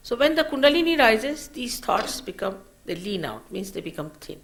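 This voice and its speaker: A woman teacher giving a slow, measured spiritual lecture at a public program, her phrases trailing off softly. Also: on the high side, very animated, gravelly. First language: Marathi.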